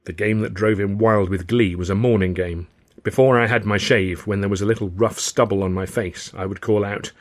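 A man reading his own novel aloud in first person, with wry, measured storytelling. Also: fairly low pitch, steady tone. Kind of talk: first-person audiobook narration.

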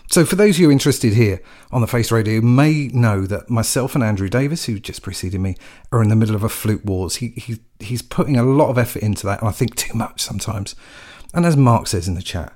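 Male radio DJ, slightly low voice, casual and chatty between records. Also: a little fast. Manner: relaxed, chatty, reads chat messages with small laughs. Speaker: radio show host. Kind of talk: casual live radio DJ chat.

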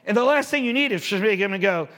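This high-pitched male pastor delivers his sermon in rapid-fire bursts, chatty and lively, tossing rhetorical questions out to the congregation.

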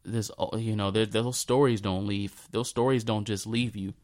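A man in his thirties tells a personal story in a halting, repetitive way, often dropping into a soft, low voice. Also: steady tone. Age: 30s. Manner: halting, repeats himself, drifts into a soft low voice.

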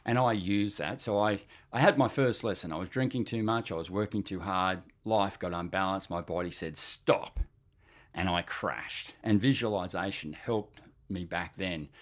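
Earnest Australian man in his fifties. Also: deep voice. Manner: earnest, candid, halting with restarts. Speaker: cancer patient sharing his story. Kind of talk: personal testimony talk.

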